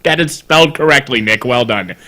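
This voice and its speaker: Excitable, laughing man on a podcast. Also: medium pitch, a little fast. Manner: animated, swears freely, laughs often. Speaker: podcast co-host. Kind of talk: casual chat. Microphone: studio mic on a live stream.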